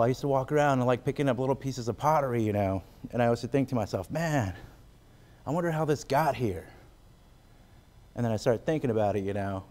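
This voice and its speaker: Here a man speaks with a fairly low pitch and a darkish tone. He's a comedian from the Gila River area in Arizona who performs stand-up, then chats as a guest in an interview, full of fillers and laughing between jokes.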